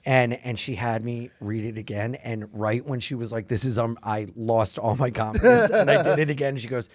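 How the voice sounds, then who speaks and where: A man from Brooklyn, a comedian and podcast host telling lively stories in casual chat. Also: mid-range voice, normal speed, no room sound. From Brooklyn, New York. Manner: animated storyteller, acts out quoted voices.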